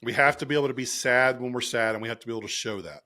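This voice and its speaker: A man co-hosting a podcast, retelling scripture stories in a casual, animated way and acting out the lines. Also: medium pitch, racing. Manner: animated storyteller, acts out quotes, laughs often. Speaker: podcast co-host.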